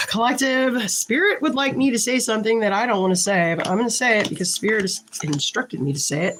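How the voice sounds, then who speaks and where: A woman's voice: a little high, fairly bright tone, a little hiss or hum, low-quality recording. A woman giving a casual tarot reading to camera, thinking aloud as she shuffles and pulls cards, frank and a little irritated. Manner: slow, halting, thinks aloud while shuffling and pulling cards. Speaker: tarot reader.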